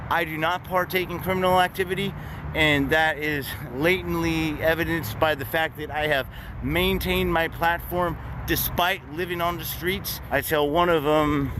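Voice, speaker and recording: A man's voice: mid-range voice, a bit bright, slight background noise. A man telling a story to camera in a casual, blunt way, full of profanity and wry laughs. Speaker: vlogger. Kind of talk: casual street monologue.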